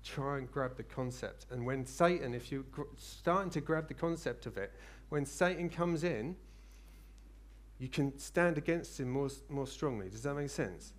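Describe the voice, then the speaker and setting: A man preaching a sermon, earnest and rambling, rising into fervent excitement. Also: medium pitch, moderate pace.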